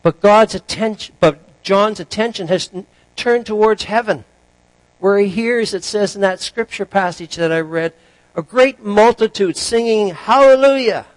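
A man preaching a sermon in a relaxed, chatty manner, full of asides and storytelling. His voice sits a little high for a man. The sound is close and dry, with no echo. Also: a little slow. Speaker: pastor.

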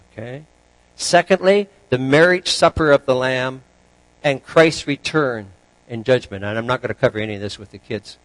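Chatty pastor preaching in a dry room. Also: male voice, fairly high pitch, no room sound, low-quality recording. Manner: relaxed, chatty storytelling with asides. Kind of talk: sermon with a joke story.

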